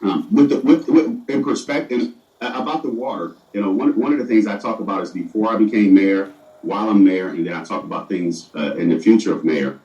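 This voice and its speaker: A man's voice: on the low side, a little fast, a little mellow, lo-fi sound. A middle-aged man, a city mayor, answering interview questions earnestly and often stumbling over and repeating his words, recorded far from the mic in an echoey room.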